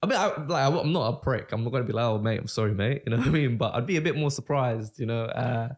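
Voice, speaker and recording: A man's voice: medium pitch, fast talker. A man with a British accent co-hosting a podcast, in casual chat, joking and calling his friend mate. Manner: bantering, says "mate" often. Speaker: podcast co-host.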